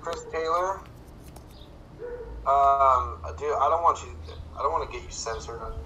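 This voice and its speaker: A man hosting casual commentary, calmly explaining his shots step by step while he plays. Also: medium pitch, normal speed, highs cut off, a little hiss or hum. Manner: relaxed, explaining tips step by step. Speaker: host.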